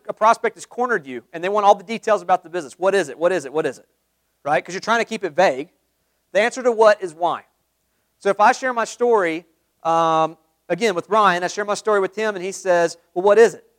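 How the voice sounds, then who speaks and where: Fast-talking high-voiced male sales trainer. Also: dry recording. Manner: energetic, quizzes the audience with questions; acts out sample phone calls. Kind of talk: live training talk to a group.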